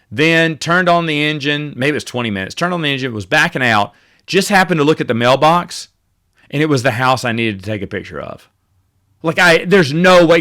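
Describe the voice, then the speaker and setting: A man's voice: mid-range voice, bright, forceful tone. A man hosting a podcast, telling rambling, self-correcting stories in a casual monologue. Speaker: podcast host.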